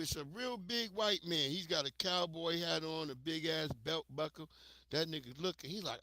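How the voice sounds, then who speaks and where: Man from the united states, livestream host, profane animated storytelling, forceful bright voice, dry close sound. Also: a little high, normal speed, no echo.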